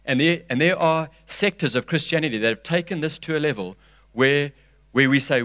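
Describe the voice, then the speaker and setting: A man preaching a sermon, reading scripture aloud with expression and swinging from loud, emphatic lines to hushed ones. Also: a little high, fairly quick, dry recording.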